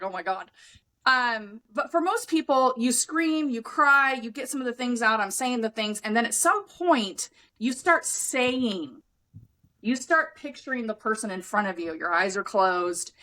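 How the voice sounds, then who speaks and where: A woman hosts a podcast in an unfiltered, conversational way. Her voice sits a little high, and she swears freely while stressing her points with conviction. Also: poor audio. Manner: frank, swears freely, emphatic; acts out other people's lines in lively voices. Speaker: podcast host and anger coach. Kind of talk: casual conversational podcast talk.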